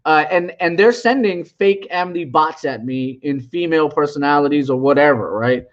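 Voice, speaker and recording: At a moderate pace and with a higher voice, a male channel host in his forties rambles through the story of an online argument, mocking and trash-talking throughout. The casual monologue has dull lo-fi audio quality.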